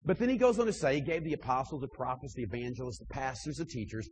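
A man preaching to church leaders, emphatic, swinging between loud pushes and quieter asides, with frequent restarts. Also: mid-range voice, very animated, fast, breathy edge, rough recording. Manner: emphatic, rising and dropping in volume, frequent restarts.

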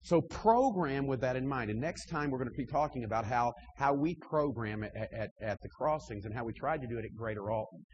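A man preaching to church leaders, emphatic, swinging between loud pushes and quieter asides, with frequent restarts. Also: medium pitch, expressive, a little fast, hardly any pauses, lo-fi sound. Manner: emphatic, rising and dropping in volume, frequent restarts.

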